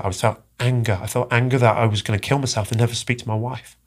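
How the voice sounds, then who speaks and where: A man telling a personal story as a podcast guest, halting and earnest, often repeating his words. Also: medium pitch, steady tone. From England.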